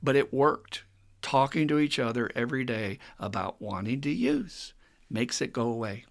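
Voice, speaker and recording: A man hosting a recovery podcast, talking casually and teaching with animated stories. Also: medium pitch, moderate pace, gravelly. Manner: animated storytelling with acted quotes and frequent laughs. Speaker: recovery counselor and podcast host.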